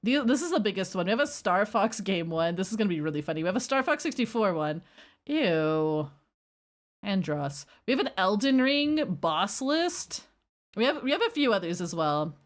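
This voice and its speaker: A woman's voice: mid-range voice, very animated, moderate pace. A woman streamer chatting casually and rambling while reacting to her chat. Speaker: livestreamer.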